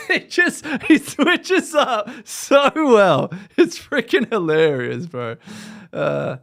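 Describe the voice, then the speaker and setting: Animated man chatting on a livestream. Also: a little high, takes it slowly. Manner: animated, laughs often, trails off and restarts. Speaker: podcast host. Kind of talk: casual live-stream chat.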